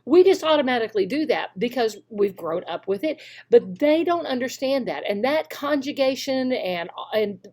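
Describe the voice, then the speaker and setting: A woman with a Southern US accent gives an instructional talk as an online English teacher. She speaks emphatically and slows down to model example sentences clearly. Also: a little high, animated, darkish tone. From Southern United States.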